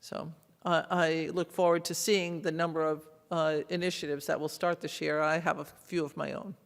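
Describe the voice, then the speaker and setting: A man speaking as a panelist in a measured, earnest way, with many fillers. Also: on the high side, little pitch movement, gravelly. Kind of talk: panel discussion remarks. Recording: long reverb of a hall.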